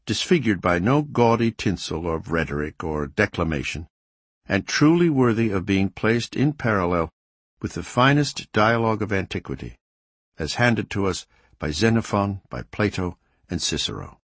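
Male audiobook narrator, low husky voice, lively intonation, measured scripted delivery. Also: no echo. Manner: measured, expressive reading with varied emphasis.

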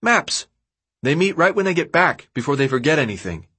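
A man putting on a sarcastic young boy for a storybook reading, pitched well up from a grown man's voice. The boy is blunt and impatient and answers in snappy, dismissive retorts. The voice is a bit husky and jumps around in pitch. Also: sing-song, normal speed, sharp tone, full character voice.

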